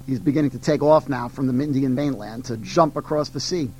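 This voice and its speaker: A man's voice: mid-range voice, brisk, mellow, slight background noise, rough recording. A man reading literature passages aloud as a teacher, with ums and restarts when he talks between passages. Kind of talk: classroom read-aloud of literature.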